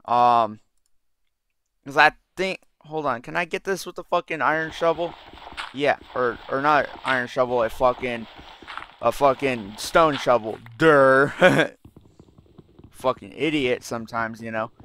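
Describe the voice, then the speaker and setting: A man's voice: mid-range voice, normal speed, a bit bright, a little hiss or hum. A young man giving casual, rambling commentary over his gameplay, frustrated and swearing constantly. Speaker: let's play gamer.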